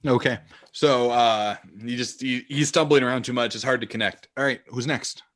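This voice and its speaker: A man narrating a tabletop game as game master, lively and full of sound effects. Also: medium pitch, normal speed.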